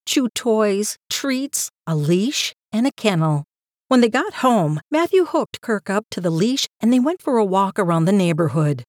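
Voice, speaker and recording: Calm woman reading a story. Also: on the low side, no echo, clean studio sound. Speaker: narrator. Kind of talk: scripted story narration.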